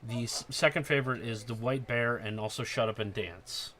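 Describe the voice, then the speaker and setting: Male podcast host, casual and excitable, cursing freely, bright edge to the voice. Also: medium pitch, moderate pace. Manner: excited, profane, loud when acting out scenes. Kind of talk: casual chat.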